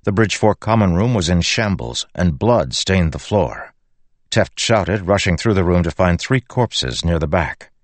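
Brief: male audiobook narrator, measured delivery, low voice. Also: lively intonation, no room sound. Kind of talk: scripted narration.

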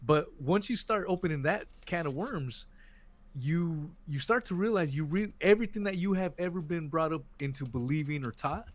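A man's voice: on the high side, moderate pace. A man hosting a podcast in casual chat, rambling, repeating words and dropping "man" and "dude". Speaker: podcast host.

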